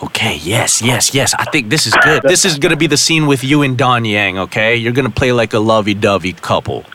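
A man with a Southern American accent, playing a bossy director in a prank call, giving quick instructions over the phone. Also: medium pitch, pushed and bright. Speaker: prank caller posing as director.

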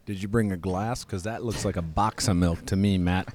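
A man's voice: low-pitched, normal speed, crowd noise. A man calling a basketball game as a comedy co-host, riffing and joking between plays. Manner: jokey, riffing, animated calls. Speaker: play-by-play co-host.

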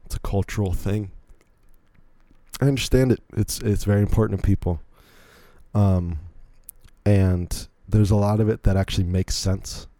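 A man's voice: fairly low pitch, steady tone, moderate pace, long pauses, warm tone, no echo. A man hosting a podcast, giving incredulous, rambling play-by-play commentary on a video in a casual way. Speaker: podcast host.

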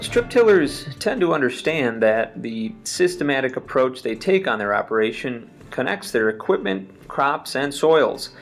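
A man hosting a podcast, reading a measured scripted introduction. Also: mid-range voice, vocal fry, fairly bright tone. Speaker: podcast host.

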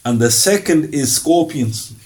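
A middle-aged man with a somewhat raised pitch teaches Islamic history in a recorded lecture. He reads long lists of references in an even, steady way. He also slips into short acted exchanges of dialogue. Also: a little slow, slight background noise. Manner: reads references in a steady list, then acts out dialogue in asides. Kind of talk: recorded religious lecture with Quran recitation.

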